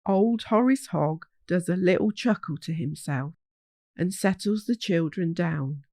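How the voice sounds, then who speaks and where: A woman reading a children's storybook aloud in a gentle, measured way. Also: mid-range voice, no room sound.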